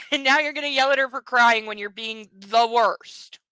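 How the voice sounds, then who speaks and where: A woman's voice: a little high, normal speed, sharp tone, clean tone, low-quality recording. A woman at home reading a book aloud and adding sarcastic, swearing commentary. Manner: sarcastic, swears freely, talks to her dog.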